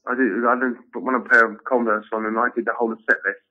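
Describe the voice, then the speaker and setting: A man, a comedian telling stories in a rambling, animated way and acting out the voices of others. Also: medium pitch, fast talker. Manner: rambling, animated storytelling with acted-out quotes. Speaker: comedian guest. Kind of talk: casual interview chat. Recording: tinny phone-like sound.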